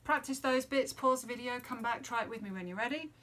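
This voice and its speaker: A woman's voice: a little high, fast talker, a bit bright. A woman teaching children a trumpet lesson from home, explaining a tune and counting and singing the rhythms aloud.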